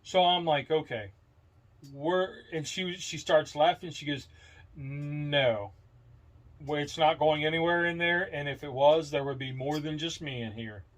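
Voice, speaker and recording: A middle-aged man with a slightly higher voice than most men, chatting casually on a podcast. He rambles through his stories and acts out the people in them, and he mentions struggling with brain fog. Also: measured pace, fairly bright tone. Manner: rambling storyteller, acts out quoted dialogue. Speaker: podcast co-host. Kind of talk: casual chat.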